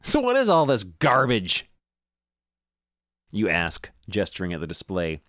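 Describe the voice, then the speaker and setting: Man streaming a game, animated pitch, wry, dry close sound. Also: measured pace, dry recording. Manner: lively, wry, self-amused. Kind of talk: casual let's-play commentary, reading game text aloud.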